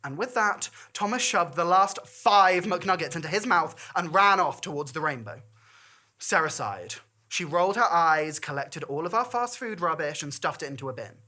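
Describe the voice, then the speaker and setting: A woman tells a comic story in a bright, clear voice. Her delivery is animated, swinging widely in pitch from hushed passages to loud bursts. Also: moderate pace. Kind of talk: performed comic monologue.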